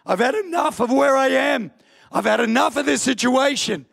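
A man voicing a desperate blind beggar who shouts and pleads. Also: very high voice, animated, normal speed, vocal fry, full character voice. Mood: pleading.

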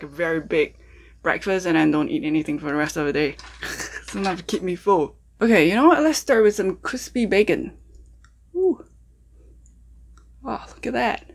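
Over faint background music and a little background noise, a lowish-voiced woman vlogs about making and eating her breakfast. Her casual cooking-and-mukbang talk is full of ums and uhs, and she addresses viewers directly with questions.

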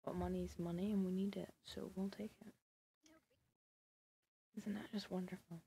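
A woman's voice: fairly low pitch, level tone, normal speed, gravelly, warm tone, slight background noise. A woman giving casual, sarcastic commentary over a life-sim game, scolding the characters and often dropping to a whisper. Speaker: gaming video creator.

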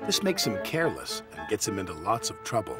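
A man narrating a children's storybook in a scripted, expressive manner. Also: fairly low pitch, a little fast. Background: loud background music.

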